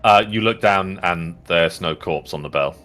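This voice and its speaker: Low-voiced male game master, loose and hesitant, faint music under him. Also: normal speed, a bit bright. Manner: rambling, full of fillers. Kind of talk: narrating a tabletop game.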